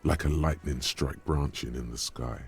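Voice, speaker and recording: An actor voicing a grave, dramatic inner voice of the mind in a video game, very deep and gravelly. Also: male voice, fairly even intonation, moderate pace, faint music behind, full character voice. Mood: ominous.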